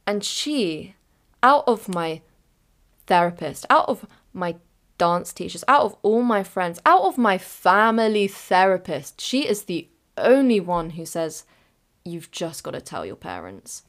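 A woman's voice: medium pitch, expressive, unhurried, fairly bright tone. A woman in her late teens, hosting a podcast and telling a chaotic, giggly, dramatic story in a casual way. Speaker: podcast host.

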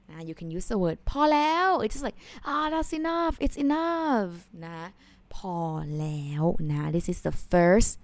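A woman's voice: lowish voice, warm tone, no room sound. A woman teaching a language lesson online, explaining patiently and sprinkling in polite particles.

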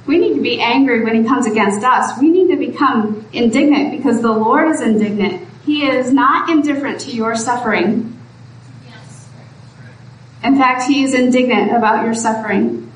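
Her voice runs a bit high and her pace is normal as this woman preaches, moving from sincere pleading to urgent exhortation. The recording is distant and reverberant, with a little background noise.

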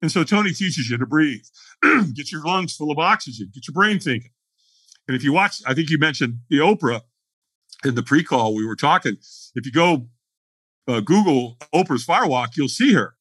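A man's voice: fairly high pitch, expressive, moderate pace, a bit bright, slightly rough, no echo. A man telling a dramatic story as a podcast guest, acting out the scene in voices. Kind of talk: animated storytelling.

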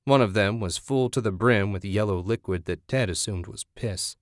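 A man reads an audiobook at a steady, measured pace in a fairly low voice. The studio recording is clean, with no room sound.

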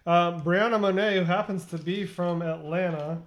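High-voiced teasing man. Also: steady tone, normal speed, hardly any pauses. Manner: teasing, joking banter, reads listener shout-outs. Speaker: podcast co-host. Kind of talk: casual chat.

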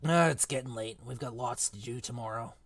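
A podcast reader voicing a big, gruff male half-giant gamekeeper in a book club read-aloud, with rough country speech and loud bursts. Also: mid-range voice, fairly quick, no room sound, voice pushed down, natural voice. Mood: rueful chatty.

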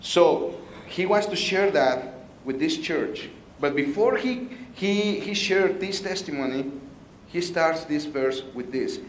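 Male pastor, slow deliberate delivery, fairly high voice, joking sermon, echoey church hall. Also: expressive, a little hiss or hum. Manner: playful, joking with the congregation. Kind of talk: sermon with jokes.

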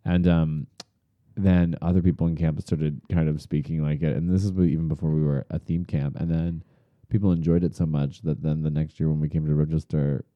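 A man with a very low voice tells stories in a loose, animated way, full of "like." He is from Long Island and talks as a podcast co-host. The sound is dry and a touch dull. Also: fairly quick, no room sound. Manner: animated storyteller, lots of "like". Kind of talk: casual chat.

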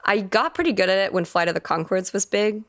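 A woman's voice: medium pitch, animated, brisk, a bit bright, dry recording, clean studio sound. A woman co-hosting a podcast in casual, slangy, enthusiastic talk. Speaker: podcast co-host. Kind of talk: casual chat.

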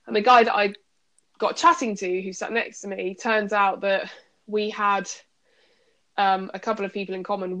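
A woman co-hosting a casual chat, thinking aloud with pauses and restarts as she tells a story. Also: medium pitch, fairly bright tone. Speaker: podcast co-host; coach.

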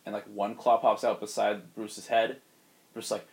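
A man casually pitching a story to a friend, loose and animated. He fills gaps with ums and likes and rolls on from one beat to the next. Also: normal speed. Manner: loose, animated retelling with laughs and fillers. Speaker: host pitching a movie story.

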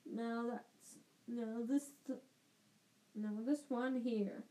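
A woman's voice: a little high, steady tone, mellow, low-quality recording. Woman putting on a blustering, boozy older aunt. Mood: scornful. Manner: blustering, scornful, slow.

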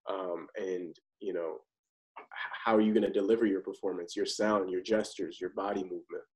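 A man guesting on a podcast, an actor describing his craft. His voice is very low, and he talks loosely and with confidence, in an easy conversational flow. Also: a little mellow, poor audio. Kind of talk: casual interview chat.

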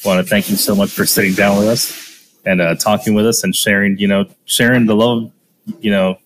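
A man's voice: lowish voice, level tone, fairly quick, poor audio. A man hosting a casual podcast, talking in a jokey, upbeat way. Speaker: podcast host. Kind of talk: casual podcast chat and promo. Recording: guitar music behind voice.

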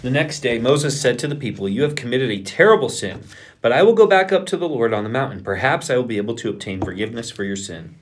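A male pastor reading scripture aloud on a podcast in a steady, plain way, sometimes going back to repeat a phrase. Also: medium pitch, fast talker, slight background noise.

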